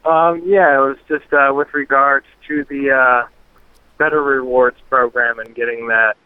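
A man's voice: medium pitch, steady tone, a little slow, smooth, no echo, pitched above the performer's own voice, close to an everyday voice. A man voicing a hesitant caller on a tinny phone line. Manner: hesitant, lots of ums and uhs.

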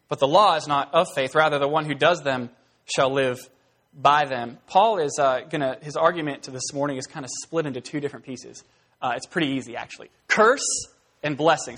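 A man with a slightly high-pitched voice delivers an expository sermon. He talks casually and conversationally, with fillers and side remarks, and livens his points by acting out little scenes. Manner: animated storytelling, acting out scenes. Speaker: preacher.

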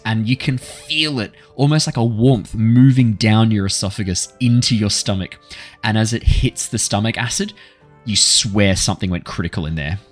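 A man, the dungeon master of a tabletop game, narrating vividly and laughing often. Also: on the low side.

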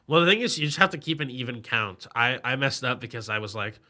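A young man in casual podcast chat with friends. His voice is very bright and tense, and his manner is laid-back as he reasons things through and laughs easily. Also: mid-range voice, expressive, fast talker. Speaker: podcast co-host.

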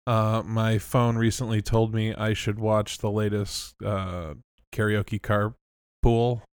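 A man co-hosting a podcast in casual chat, joking and animated, often bursting into laughter. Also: lowish voice, slow pace, clean tone, no room sound, studio quality. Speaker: podcast co-host.

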